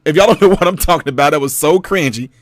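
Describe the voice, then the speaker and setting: A man's voice: on the high side, fast, no echo, clean studio sound. A man hosting a casual commentary monologue, telling a story and firing rhetorical questions at his audience, sometimes putting on mocking voices. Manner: animated, mocking put-on voices. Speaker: commentary channel host.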